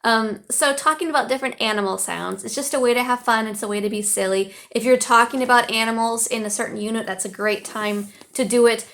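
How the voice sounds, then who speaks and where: Upbeat american lady teacher vlogging on her phone, kinda high voice, chatty. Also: steady tone, a little fast, few pauses, a bit bright. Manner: upbeat, chatty, with playful animal-sound imitations. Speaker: online English teacher. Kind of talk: casual teaching vlog.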